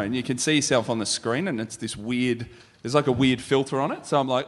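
A man's voice: medium pitch, fast talker, a bit bright. A man, a guest comedian, telling sweary anecdotes on stage at a live podcast and laughing at his own jokes. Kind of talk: comic storytelling. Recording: live room with long reverb and noise. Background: audience laughter.

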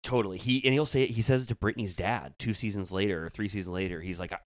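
A man's voice: fairly low pitch, quick pace, no echo. A man co-hosting a podcast, chatting casually and acting out quotes with lots of laughter. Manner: animated, laughs often, acts out quotes. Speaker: podcast co-host. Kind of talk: casual recap chat.

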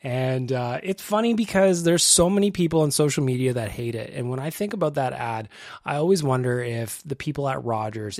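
A man's voice: mid-range voice, darkish tone, no echo. Giggly podcast host guy, dry mic. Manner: laughs a lot while reacting to listener voicemails. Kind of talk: casual podcast chat.

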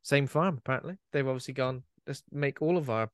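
A man's voice: mid-range voice, fairly quick, smooth, dry recording, clean studio sound. A man co-hosting a podcast, chatting casually about a horror film with plenty of fillers and trailing asides. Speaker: podcast co-host.

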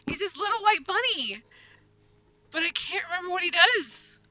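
Bright-voiced woman chatting casually. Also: very high-pitched, lively intonation, moderate pace, no room sound, low-quality recording. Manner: rambling, thinks aloud while searching. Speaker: podcast co-host. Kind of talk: casual chat about anime.

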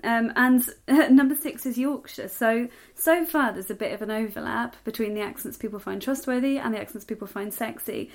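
Posh southern English woman, podcast co-host, fairly high voice, chatty and enthusiastic. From South West England. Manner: chatty, enthusiastic, quick to agree. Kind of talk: casual chat.

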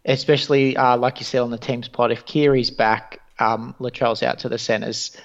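A man's voice: mid-range voice, little pitch movement, normal speed, vocal fry, muffled recording. A man co-hosting a fantasy sports podcast, cheeky and joking. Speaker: podcast co-host. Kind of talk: casual sports fantasy chat.

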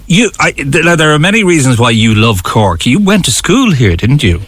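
A man's voice: mid-range voice, very animated, normal speed, fairly bright tone, husky, dry recording. A man hosting a radio interview, prompting his guest with short questions. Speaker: radio host.

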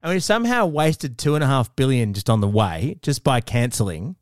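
A man hosting a comedy podcast, trading dry quick quips in casual chat. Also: medium pitch, expressive, no room sound. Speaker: podcast host.

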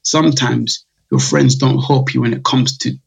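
A man's voice: mid-range voice, steady tone, moderate pace, gravelly, breathy edge, low-quality recording. A man, a drinks business founder telling stories in a casual podcast interview, acting out his customers' voices. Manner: chatty storyteller, acts out customers' voices. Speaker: guest, drinks brand founder.

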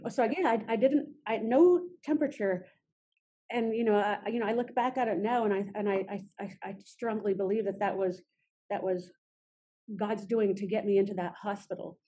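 A woman in her thirties telling her own story in an interview, halting often with restarts and fillers. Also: mid-range voice, dark tone, slightly rough.

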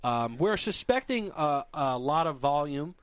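Young guy rambling on a podcast, kinda high voice, dry mic. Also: sing-song, unhurried, no room sound. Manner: rambling, laughs between lines. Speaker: podcast co-host. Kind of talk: casual chat. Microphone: studio mic.

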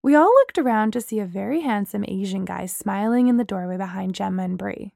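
A woman narrating a first-person story in a steady, measured way. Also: mid-range voice, creaky, no room sound, studio quality.

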